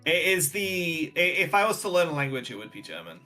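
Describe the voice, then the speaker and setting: A guest on a stream chats along with a very lively, bright voice that swings up and down a lot. They keep giggling and add quick little reactions. Faint music plays behind them. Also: medium pitch. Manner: giggly, chimes in with short reactions. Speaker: guest on call. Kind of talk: casual chat.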